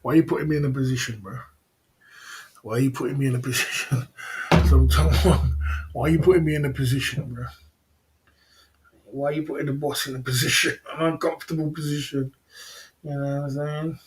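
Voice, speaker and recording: A man hosting a casual livestream chat, relaxed and slangy, who chuckles often and repeats himself. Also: medium pitch, fairly quick, long pauses. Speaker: livestream host.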